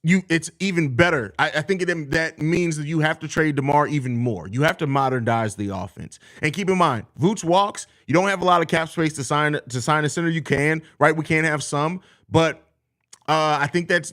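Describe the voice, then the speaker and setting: Guy hosting a live sports stream, kinda high voice, rants hard and swears a lot. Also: normal speed, fairly bright tone. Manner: blunt, profane ranting. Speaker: podcast host reading chat questions. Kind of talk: live sports talk show.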